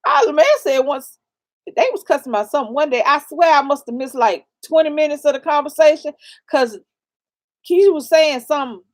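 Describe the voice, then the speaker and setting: A high-pitched woman co-hosting a casual chat, telling animated stories full of loud exclamations. The recording is dry and close, with no room sound. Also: no room sound. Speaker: co-host of a couple's channel.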